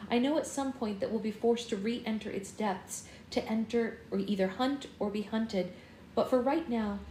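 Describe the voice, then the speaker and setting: On a phone live stream, a woman running a book club reads a first-person novel aloud with expression, voicing the characters' dialogue. Her voice sits a little high with a dark tone, and there's slight background noise. The room sounds roomy, with faint ambience.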